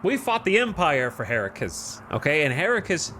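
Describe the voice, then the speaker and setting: A man's voice: on the high side, very animated, moderate pace, sharp tone, a little hiss or hum, voice pushed up. A man voicing a stern male colony leader with a Birmingham accent, delivering a theatrical, scolding eulogy. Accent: Birmingham, England.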